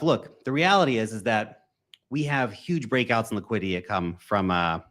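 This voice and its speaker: Man, crypto host, chatty, slangy, energetic, loud-soft swings, average pitch. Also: normal speed. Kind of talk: casual livestream commentary.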